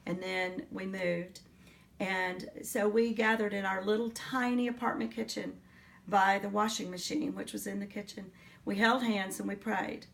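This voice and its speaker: Brief: middle-aged woman, gravelly, earnest and reflective storyteller, interviewee. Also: medium pitch, steady tone, normal speed, fairly bright tone, distant mic. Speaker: interviewee, teacher. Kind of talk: oral history interview.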